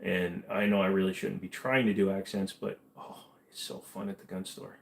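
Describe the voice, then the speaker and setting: A man with a fairly low voice hosts a casual livestream chat. He rambles easily and jokes as he reads viewers' comments aloud and answers them. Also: level tone, normal speed, vocal fry.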